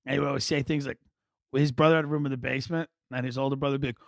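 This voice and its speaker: A man hosting a podcast, telling comic stories in a rambling, wry, animated way. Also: mid-range voice, rapid-fire, creaky, no room sound, studio quality. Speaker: podcast host. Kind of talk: comic storytelling monologue.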